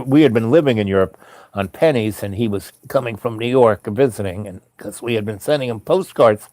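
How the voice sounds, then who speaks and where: A man's voice: medium pitch, a little mellow, no room sound. A man telling a personal travel story in a casual, rambling way, full of fillers and restarts.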